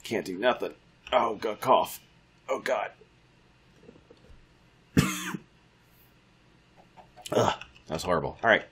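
A man's voice: on the low side, animated, slow, pauses often, fairly bright tone, husky. A man giving casual let's-play commentary, muttering to himself and taunting the creatures in the game. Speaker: gamer.

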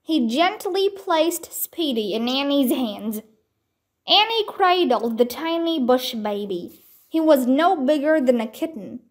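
A woman reads a children's storybook aloud in a high, clear voice. She takes her time, pausing deliberately through each sentence. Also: animated. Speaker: storybook reader. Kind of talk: children's book read-aloud.

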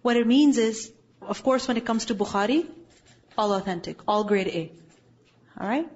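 Woman teacher lecturing a class, kinda husky higher voice, muffled lo-fi recording, keeps asking "okay?". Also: normal speed, a little mellow. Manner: firm, corrective, checks understanding often. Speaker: Islamic studies teacher.

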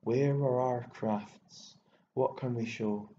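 A man with an Irish accent voicing a hot-tempered, bitter old landowner who wheezes and bursts into scornful shouting, on a dull recording with faint hiss. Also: mid-range voice, steady tone, slow pace, lightly acted. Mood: contemptuous.

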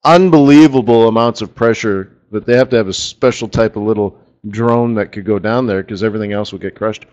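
A man's voice: on the low side, a little fast, darkish tone, lo-fi sound. A middle-aged man hosting a casual live trading webinar, talking in a rambling, chatty way with asides about his screen tools. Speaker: forex market strategist hosting a live webinar.

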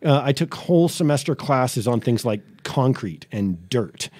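A man's voice: mid-range voice, lively intonation, a little slow, a little mellow, no room sound. A man in his forties from New England, a pastor telling his story in an interview with witty, self-deprecating, wordy humor. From New England, USA. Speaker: pastor, podcast guest.

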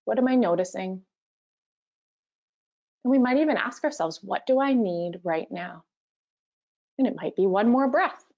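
A woman leading an online workshop, speaking gently and encouragingly as she guides a mindfulness practice. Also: mid-range voice, animated, a little slow, long pauses, highs cut off. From Canada. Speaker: workshop facilitator.

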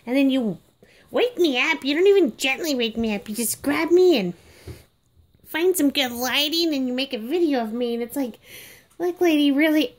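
A woman voicing a sassy baby girl doll who is fed up, grumbling in an exasperated comedic rant to viewers. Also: very high-pitched. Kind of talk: comedic monologue in character.

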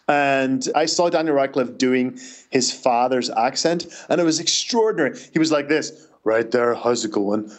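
A man with a Northern Irish accent, an author answering interview questions in a chatty, anecdotal way. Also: medium pitch. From Northern Ireland. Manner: chatty, anecdotal, quick restarts.

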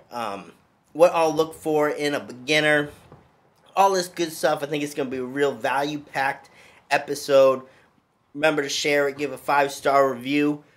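A man's voice: a little high, fairly bright tone. A man hosting a casual strength-training podcast as a coach, talking in an upbeat, loose, conversational way.

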